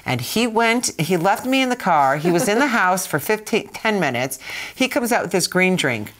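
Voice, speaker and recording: A woman in her fifties telling stories as an interview guest in a casual, animated way, often stammering and repeating words as she retells dramatic moments. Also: medium pitch, normal speed. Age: 50s.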